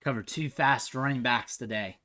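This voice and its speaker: A young man giving casual, chatty commentary over football highlight film, thinking aloud and trailing off quietly at the ends of his sentences. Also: normal speed. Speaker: recruiting analyst host.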